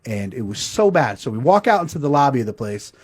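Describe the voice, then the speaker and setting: A man's voice: mid-range voice, big pitch swings, fast, breathy edge. A middle-aged man telling a crude, self-mocking comedic story as the show's host.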